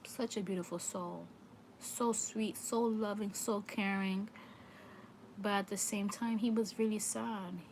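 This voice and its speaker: A woman's voice: medium pitch, fairly even intonation, measured pace, darkish tone, slight background noise. A woman giving a livestream tarot reading, talking earnestly and repeating phrases for emphasis. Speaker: tarot reader.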